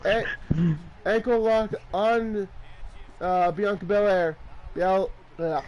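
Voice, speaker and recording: High-pitched man, excitable play-by-play caller for a wrestling game session. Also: takes it slowly, a crowd in the background, low-quality recording. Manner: excitable, laughs often. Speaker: gamer doing play-by-play. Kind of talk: casual wrestling game commentary.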